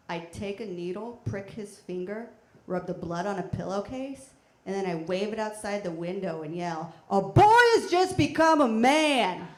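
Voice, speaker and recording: A woman performing a stand-up comedy set on a theater stage with a handheld mic, talking in a deadpan, chatty way with bursts of loud shouting. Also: mid-range voice. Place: theater stage before a live audience. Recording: echoey theater with faint noise.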